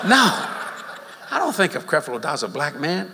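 An older male preacher delivers a folksy sermon, slipping easy laughs between his lines. His voice sits a little high and bright. It rings out through a large church hall with long reverb and a faint murmur of ambience. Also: big pitch swings, moderate pace, gravelly, noisy background. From Louisiana, USA.

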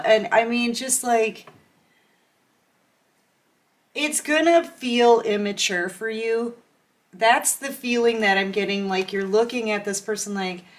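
Woman doing a tarot reading, slow unhurried talk, chatty, acts out little dialogues. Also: on the high side, fairly bright tone. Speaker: tarot reader. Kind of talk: casual tarot reading to camera.

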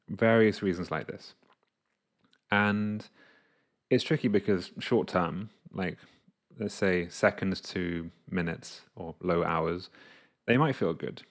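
A man's voice: deep voice, creaky. A man talking casually to camera as a coach, explaining an idea through his own examples and acting out his inner voices. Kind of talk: casual reflective monologue to camera.

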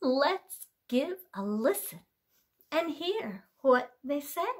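A woman leading a library rhyme time for toddlers, talking gently and playfully to a baby doll. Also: high-pitched, lively intonation, takes it slowly. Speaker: library storytime leader.

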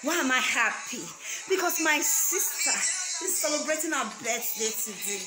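A woman giving an excited birthday video message for her sister, with frequent exclamations. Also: high voice, moderate pace. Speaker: well-wisher. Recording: echoey room, loud music behind.

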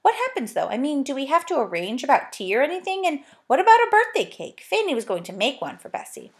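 A woman's voice: high voice, huge pitch swings, quick pace, pitched above the performer's own voice, heavily acted. A woman voicing an earnest young boy.

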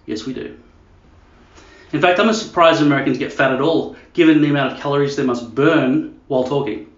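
A man's voice: on the high side, steady tone, quick pace. A man vlogging casually at home, joking and swearing as he rambles. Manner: crude, joking, mocking. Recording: echoey dull room sound.

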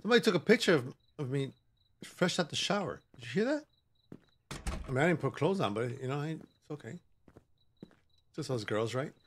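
Male gaming host, horror playthrough, joking and sassy, animated slightly high delivery. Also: a little fast, long pauses. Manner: joking, sassy banter with game characters. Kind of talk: horror game commentary.

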